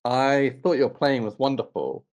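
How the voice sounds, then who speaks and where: A man voicing a flattering adult male adventurer in a tabletop game, full of old-fashioned courtesies. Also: medium pitch, unhurried, lightly acted.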